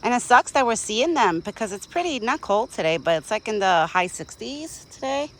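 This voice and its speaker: A woman's voice: on the high side, expressive, moderate pace, a bit bright, poor audio. A young woman chatting casually to her phone camera outdoors in a rural yard while she feeds a deer, rambling and talking fondly to the animal. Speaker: vlogger feeding a backyard deer. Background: insects and countryside ambience.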